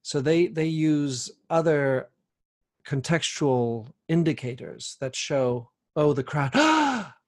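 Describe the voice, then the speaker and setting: A man's voice: a little high, fairly even intonation, slow pace, a little mellow. Man asking long, winding questions. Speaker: podcast host. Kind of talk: interview questions.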